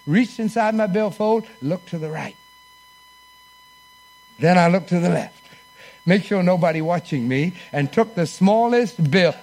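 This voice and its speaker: A man's voice: high voice, normal speed, a little mellow. A man preaching a sermon in church, telling a personal story and leading the congregation in call-and-response.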